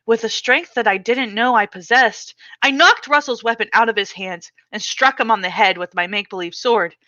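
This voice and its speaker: A woman author reads aloud from her memoir in an expressive, dramatic way. Her voice is bright and crisp, recorded close and dry. The recording sounds slightly dull and muffled. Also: fairly high pitch, moderate pace, dry recording.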